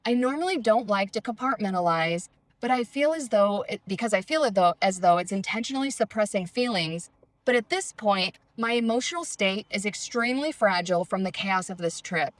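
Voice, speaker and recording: A woman reading her own travel memoir aloud in a calm, reflective, measured way. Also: medium pitch, dry recording. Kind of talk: first-person memoir reading.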